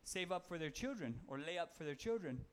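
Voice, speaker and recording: Chatty higher-voiced man preaching. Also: animated, a little fast, clean tone. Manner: loose and conversational, with fillers and self-corrections. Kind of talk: casual sermon.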